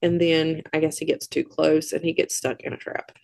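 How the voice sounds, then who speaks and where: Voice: medium pitch, normal speed, gravelly, no room sound. A podcast co-host chattily recapping a film scene by scene, tossing in wry asides. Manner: chatty, animated storytelling with asides. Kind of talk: casual movie recap.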